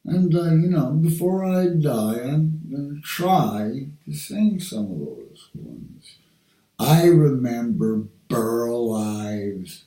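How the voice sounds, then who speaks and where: Slow, rambling, profane older man. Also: mid-range voice, very animated, mellow. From Canada. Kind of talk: rambling personal video monologue. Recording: roomy sound, distant from the mic.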